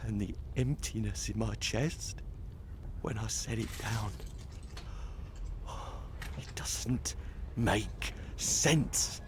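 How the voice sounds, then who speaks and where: An actor playing a man obsessed with a bucket in a video game, speaking in a hushed, half-whispered way. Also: lowish voice, extremely slow, long pauses, noisy background. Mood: awed, brooding.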